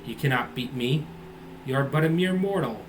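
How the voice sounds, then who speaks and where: A man's voice: noisy background, close to an everyday voice. A man voicing a cruel, sword-possessed swordsman. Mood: gloating. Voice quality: low, slow, gloating menace.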